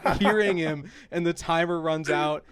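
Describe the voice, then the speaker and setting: A man's voice: on the high side, normal speed, clean tone. A man co-hosting a podcast in casual chat, telling a story animatedly and laughing as he goes. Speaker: podcast co-host.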